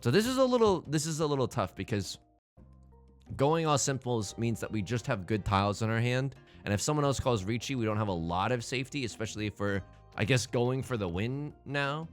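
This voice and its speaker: A young man hosting a game let's play, talking through his moves with jokes and big swings between excited yelling and low muttering. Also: brisk, faint music behind. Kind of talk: game commentary.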